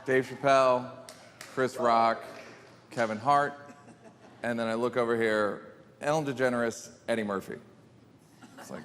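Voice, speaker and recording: A man's voice: medium pitch, moderate pace, long pauses, fairly bright tone, slight background noise. Rambling man in a reverberant hall. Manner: rambling, self-deprecating storytelling. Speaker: stand-up comedian. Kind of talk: stand-up comedy.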